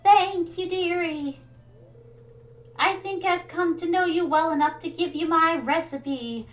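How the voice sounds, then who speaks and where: A woman voicing a sweet, doting old grandmother villager in a video game, speaking gently and slowly. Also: extremely high pitch, faint music behind, voice pushed up. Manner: gentle, slow and sugary, calls people dear.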